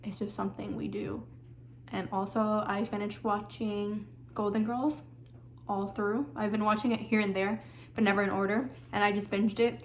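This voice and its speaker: A woman's voice: medium pitch, level tone, normal speed, slight background noise. A young woman chatting casually in her home kitchen as she hosts a cooking vlog, often drifting off on tangents. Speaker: vlogger.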